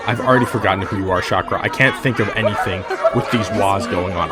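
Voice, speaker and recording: Man commenting on gameplay, casual, joking, exasperated, loud game music, busy chorus of voices behind. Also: on the low side, fast talker, hardly any pauses, over a noisy crowd. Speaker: gaming video host.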